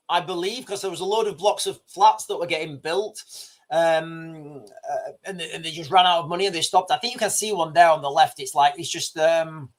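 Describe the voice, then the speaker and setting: A man hosting a livestream, rambling and often restarting while talking straight to his viewers. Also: a little high. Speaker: livestream host. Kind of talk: livestream commentary.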